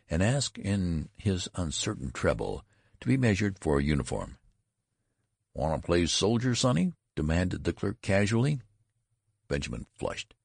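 Very deep gravelly male narrator. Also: darkish tone, no room sound, studio quality. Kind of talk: audiobook narration.

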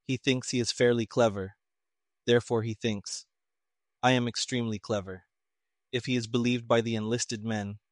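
A man reading the part of a calm, clever male detective who speaks flatly and deliberately. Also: mid-range voice, no echo, studio quality, close to an everyday voice. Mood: toneless, cool. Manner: flat, toneless, deliberate.

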